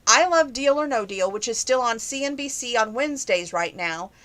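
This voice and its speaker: A woman's voice: a little high, expressive, normal speed, a bit bright. A young woman answering viewer questions in a casual, opinionated chat that grows heated on some topics.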